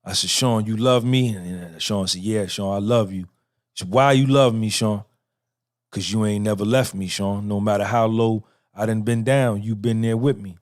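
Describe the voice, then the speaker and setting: A man's voice: fairly low pitch, fairly even intonation, normal speed, darkish tone. A middle-aged man hosting a podcast, giving a profane, repetitive motivational monologue and talking back and forth with himself. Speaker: podcast host.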